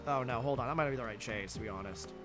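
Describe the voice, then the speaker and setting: A young man streams a game from home, ranting angrily into a desk mic with plenty of swearing and sarcastic asides. His voice is medium-pitched and racing, with music playing in the background.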